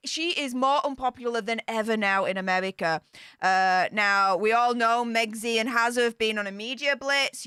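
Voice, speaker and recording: Excitable British woman live-streamer. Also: a little high, smooth, no room sound, studio quality. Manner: excitable, scornful, swings between shrieks and mutters. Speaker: royal news commentator.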